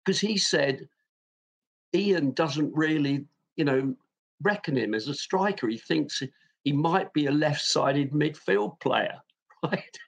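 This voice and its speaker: A football club chairman tells an anecdote. His voice sits a little high and is husky and gravelly. He talks in an animated way, with frequent fillers and false starts. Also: slow pace. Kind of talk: anecdotal storytelling.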